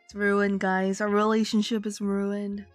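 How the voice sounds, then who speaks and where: A woman's voice: medium pitch, measured pace, no room sound, faint music behind. A woman streamer playing a game live, joking and chatting animatedly with her viewers. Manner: animated, joking, talks to chat.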